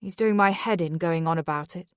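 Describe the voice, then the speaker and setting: A woman's voice: fairly low pitch, brisk, smooth, no room sound, clean studio sound, natural voice. A woman voicing a guarded husband who speaks in a curt, spiteful way. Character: cold, guarded husband protecting his children.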